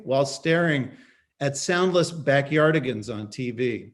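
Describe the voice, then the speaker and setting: A man's voice: a little high, moderate pace. A man reading his own story aloud as first-person audiobook narration, dry and wry in tone.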